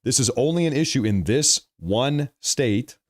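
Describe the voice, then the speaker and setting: Brief: male livestream host, sarcastic ranting political commentary, voice going hoarse, mid-range pitch. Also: animated, measured pace. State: losing his voice.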